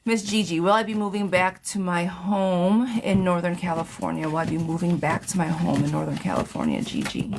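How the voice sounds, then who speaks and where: A woman's voice: lowish voice, steady tone, a little fast, gravelly, few pauses, noisy background. A woman doing live tarot readings, reading viewer questions aloud and answering them in a blunt, chatty way. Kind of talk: casual live-stream chat.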